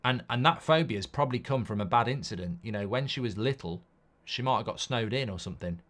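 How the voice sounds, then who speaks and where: Host role: man, mid-pitched voice, casual live-stream chatter, blunt, rambling, reads chat aloud. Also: expressive, quick pace. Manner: blunt, swings between loud outbursts and mutters. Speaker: football watchalong host.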